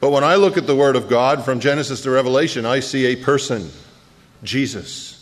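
A man preaching a sermon as pastor, earnest, slowing down on key phrases and quickening in asides. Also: mid-range voice. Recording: long reverb of a large hall.

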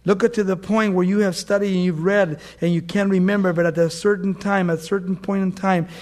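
A middle-aged man preaching a sermon, telling stories and swinging from loud emphatic bursts to soft hushed words. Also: high voice, steady tone, a little fast. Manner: storytelling with anecdotes, fillers and restarts.

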